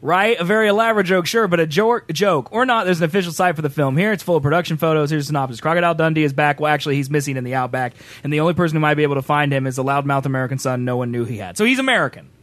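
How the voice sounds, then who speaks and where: A man hosts a casual reaction stream, chatty and joking, with lots of "like". His voice sits a bit high. It is recorded close and dry, with no room sound. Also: rapid-fire, few pauses, fairly bright tone, dry recording. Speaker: streamer host.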